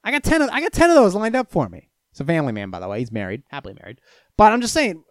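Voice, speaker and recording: A young man from Florida rambles through stories and chat questions, cursing freely. His pitch swings widely as he gets worked up, and the sound is dry and close with no room echo. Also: racing. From Florida, USA. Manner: profane, storytelling, lively swings in pitch and loudness. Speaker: streamer answering chat questions.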